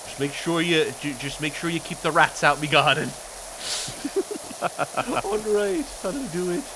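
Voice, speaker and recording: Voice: mid-range voice, big pitch swings, a little slow, vocal fry. A streamer voicing a starving, naive poor Victorian boy. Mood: eager. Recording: hissy stream audio, spray noise.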